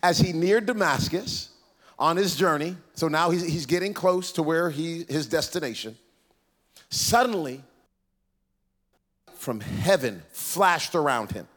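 A man preaching a sermon, animated and playful, acting out voices of Bible figures and teasing the congregation. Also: a little high, unhurried, pauses often. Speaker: pastor. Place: church.

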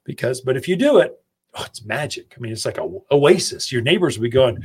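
Husky folksy man giving gardening advice. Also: mid-range voice, expressive, a little fast, a little mellow. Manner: folksy, chatty, addresses listeners directly. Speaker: gardening radio host. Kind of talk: casual radio advice talk. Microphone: studio microphone.

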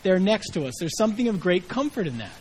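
Very animated and quick, the middle-aged pastor's voice sits high and sounds a little mellow and husky. He preaches a sermon in a conversational manner, performing quoted voices with inflection, on a low-quality recording.

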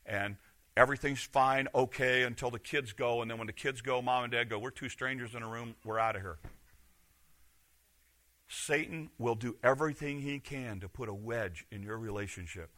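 Middle-aged male pastor, sermon, rhetorical questions, loud to hushed, very bright tone. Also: mid-range voice, normal speed.

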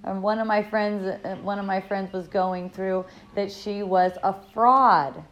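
A woman's voice: mid-range voice, fairly even intonation, a little slow, muffled recording. A woman hosting an online dialogue group, telling a personal story in a casual, rambling way, upbeat and effusive with frequent restarts. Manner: rambling, laughs often, many restarts.

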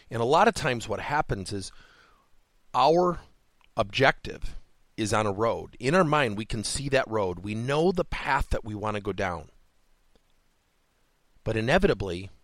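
Lively-voiced man hosting a coaching podcast. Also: lowish voice, dry recording. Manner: storytelling, acts out both sides of a dialogue. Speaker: podcast host and business coach. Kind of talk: solo podcast monologue.

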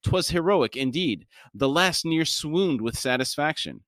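A man's voice: a little high, lively intonation, measured pace, a bit bright, no echo, clean studio sound, voice pushed up. A man voicing a pompous, verbose male rogue who refers to himself by name and speaks in a florid, theatrical way. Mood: grandiloquent.

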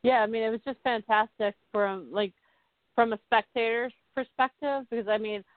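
A woman hosting a casual conversation, relaxed and encouraging, with lots of "like" and "I mean". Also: fairly high pitch, moderate pace, dry recording. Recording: tinny phone-like line.

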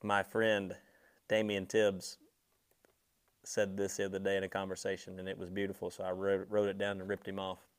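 A man preaching a sermon in a conversational way, slowing and stressing key words, then dropping softly on asides to his listeners. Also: deep voice, monotone. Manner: slows and swells on key words, drops soft on asides; conversational, speaks directly to listeners.

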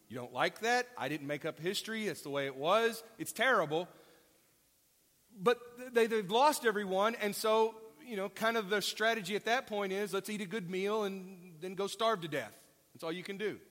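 A high-pitched man at normal speed, his tone fairly bright, preaches in a chatty way to his congregation. He asks them questions and slips in offhand asides, recorded with a large hall's long reverb.

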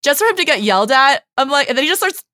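A young woman co-hosting a podcast, gushing excitedly about a story in casual chat, swearing and saying "like" a lot. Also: high-pitched, very fast, dry recording, clean studio sound. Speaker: podcast co-host. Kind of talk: casual book discussion and read summary.

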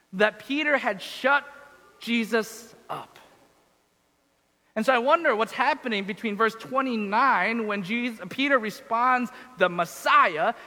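A man's voice: high-pitched, bright, forceful tone, big-room sound, low-quality recording. A man giving a reflective sermon, asking questions and repeating phrases. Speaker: preacher.

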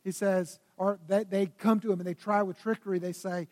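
A male pastor preaches with a high, bright-edged voice that rises into loud bursts and drops to near whispers. His words ring out with a long reverb through a church sanctuary. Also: steady tone, fairly quick. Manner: dynamic preaching, swinging between loud bursts and hushed tones. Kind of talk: sermon.

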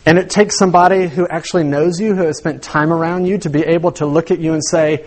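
A man's voice: sits high, fast talker, hardly any pauses, darkish tone. A young man preaching a sermon in a conversational, self-deprecating way, chuckling through his personal stories.

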